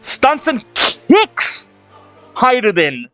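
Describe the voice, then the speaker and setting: A man hosting a manga reaction video, reading panels aloud with sudden excited outbursts. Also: sits high, unhurried, no room sound. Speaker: reaction channel host. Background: faint drum music.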